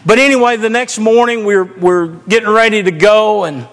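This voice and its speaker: A man's voice: high voice, moderate pace, fairly bright tone, in a large hall, slight background noise. A man serving as pastor, delivering a folksy, chatty storytelling sermon.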